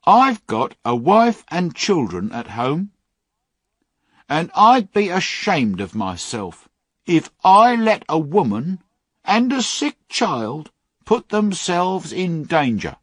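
A man's voice: a little high, very animated, slow, fairly bright tone, no echo, studio quality, voice pushed up, heavily acted. A man voicing a kind, firm male cab driver in a storybook reading. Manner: firm and kindly.

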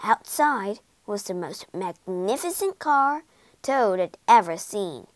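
A woman reading a children's story aloud in an expressive, storybook narration. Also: mid-range voice, dry recording. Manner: slow, lively expressive reading.

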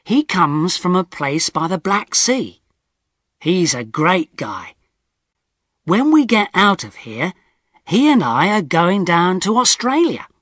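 Man reading an easy-English story slowly. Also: high voice, no room sound, clean studio sound. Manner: expressive, clearly paced reading for learners. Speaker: audiobook narrator. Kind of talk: scripted first-person story narration.

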